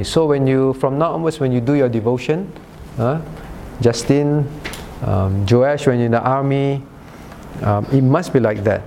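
Pastor teaching, calling on listeners by name. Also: male voice, medium pitch, measured pace, vocal fry, a little mellow, slight background noise. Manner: rhetorical "right?" checks. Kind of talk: sermon-style Bible study.

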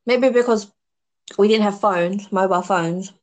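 A woman's voice: mid-range voice, a little slow, darkish tone. A woman chatting casually as a podcast guest, eating snacks while she talks. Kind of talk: casual chat.

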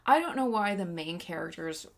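A woman's voice: lowish voice, expressive, normal speed, creaky. A woman co-hosting a casual movie review podcast, opinionated and profane, with a frog in her throat. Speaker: podcast co-host.

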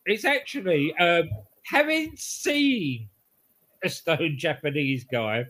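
A man with a slightly raised voice co-hosts a relaxed podcast chat. He winds through rambling anecdotes with restarts and chuckles at his own punchlines. His tone stays easygoing and conversational. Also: fairly high pitch, slow pace. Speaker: podcast co-host. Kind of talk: casual wrestling podcast chat.

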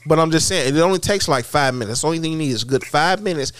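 A man's voice: a little high, rapid-fire, a bit bright, no echo, studio quality. A man in casual chat, telling folksy tales and insisting on his point.

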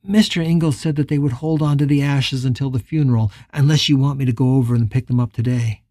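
A gentle, concerned woman friend speaking softly on the phone, as the narrator puts her on. The voice stays mellow and husky, in a dry, close sound. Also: very deep voice, quick pace, dry recording. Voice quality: soft.

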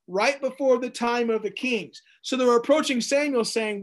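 A man in his thirties teaching verse by verse through scripture in a jokey, animated way, acting out the quotes. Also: very high voice, normal speed. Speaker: Bible teacher.

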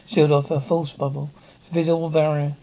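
A man's voice: a little high, level tone, fast talker, mellow, close to an everyday voice. An actor playing a tense, driven man hunted through time in a 1960s TV drama, speaking urgently and insistently. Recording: dull lo-fi 1960s TV soundtrack.

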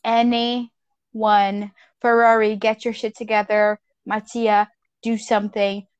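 A woman's voice: medium pitch, level tone, moderate pace, clear, resonant tone, dry recording, muffled recording. A woman in casual conversation, rambling and frankly profane as she vents her frustration. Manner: rambling, frank and profane, self-styled hater. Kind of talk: casual chat about motor racing.

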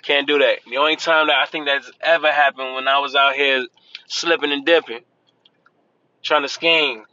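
A man's voice: mid-range voice, steady tone, normal speed, sharp tone. A man talking casually to his viewers, loose and chatty, often saying "man" and "y'all". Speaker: vlogger. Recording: dull lo-fi sound with faint vehicle noise.

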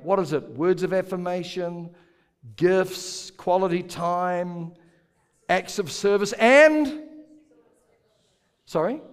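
Male pastor, sermon delivery, playful with the crowd, slightly higher voice, long hall reverb. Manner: playful, jokes with congregation, asks them to repeat words.

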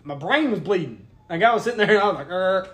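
A man's voice: high voice, expressive, very fast, a bit bright. A young man co-hosting a podcast, telling a rambling, profane story in casual chat and laughing as he goes. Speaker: podcast co-host.

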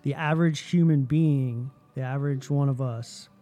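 A man with a dark, mellow tone talks in a relaxed, casual way. He tells a story with animated energy, filling his sentences with "like" and "dude". His voice sits at an average pitch. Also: normal speed. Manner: animated storytelling, heavy use of "like". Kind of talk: casual chat.

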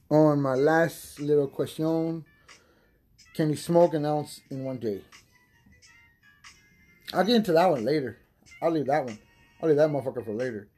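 A young man rambles through a casual podcast, high and swearing freely, often breaking into laughter. His voice sits a bit high for a man, yet it comes across husky and mellow. Faint music runs underneath him. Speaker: podcast host. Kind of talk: casual stoner podcast chat.

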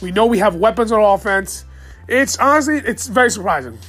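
A man hosting a solo sports fan podcast late at night, excited, profane and rambling as he rants. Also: high-pitched, a little fast, soft background music. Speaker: podcast host.

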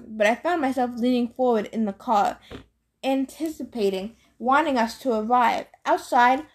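Woman reading a novel aloud, somewhat high. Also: darkish tone. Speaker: audiobook reader.

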